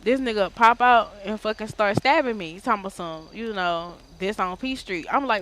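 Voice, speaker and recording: A woman's voice: medium pitch, normal speed, few pauses, fairly bright tone, a little hiss or hum. Woman telling a slangy, profane story. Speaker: streamer. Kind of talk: casual story time.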